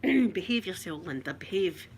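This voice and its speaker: A woman's voice: fairly low pitch, animated, moderate pace, a little hiss or hum. A Scottish woman from Scotland in casual live chat, talking to viewers, laughing often and reading out their comments. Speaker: vlogger.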